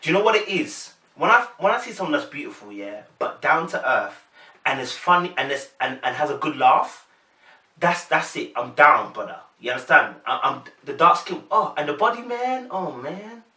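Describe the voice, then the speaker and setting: A man's voice: fairly high pitch, very animated, normal speed, pushed and bright, far from the mic. A young man with a London accent giving casual, chatty commentary straight to his viewers, full of slang. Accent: London English. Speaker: reaction commentator. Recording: echoey room, voice a bit off-mic.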